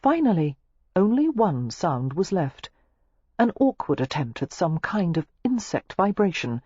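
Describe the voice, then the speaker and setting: A woman narrating a romance audiobook in a steady, expressive storytelling manner. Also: lowish voice, a little slow, slightly rough, dry recording, dull audio.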